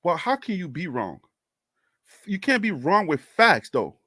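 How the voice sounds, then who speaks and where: Man, Liberian English accent, sports live-streamer, exasperated, high-pitched, dry sound. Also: a little slow, no echo. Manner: animated and exasperated, repeats questions. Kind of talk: live stream, answering chat comments.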